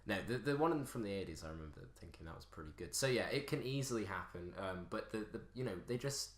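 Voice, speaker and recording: A young man on a casual film-review podcast, joking and animated, sometimes putting on mocking voices. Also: on the low side, fast. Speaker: podcast co-host. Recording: roomy echoing room.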